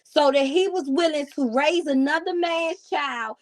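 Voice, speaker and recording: A middle-aged woman co-hosting a casual gossip chat, talking in an animated, slangy, joking way. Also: sits high, a little slow. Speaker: co-host.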